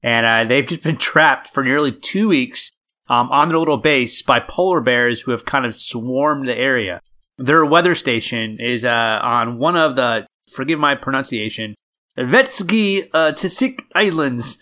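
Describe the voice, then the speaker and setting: A man co-hosting a casual news chat, playful and quick to laugh. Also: mid-range voice, sharp tone. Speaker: podcast co-host.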